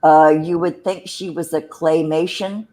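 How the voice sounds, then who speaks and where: A woman's voice: low-pitched, steady tone, a little slow, mellow. A woman co-hosting a casual chat, telling rambling, wry anecdotes full of fillers. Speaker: co-host.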